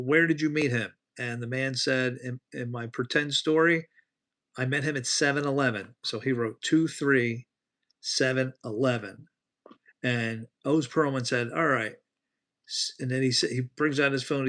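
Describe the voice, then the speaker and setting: A man's voice: mid-range voice, fairly bright tone. A man hosting a casual nightly livestream, telling rambling stories and talking to his chat by name. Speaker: livestream host.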